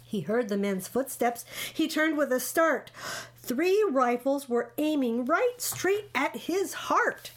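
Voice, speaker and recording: A woman reading a rhyming picture book aloud in a rhythmic, expressive way. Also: sits high, slow. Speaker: storybook reader.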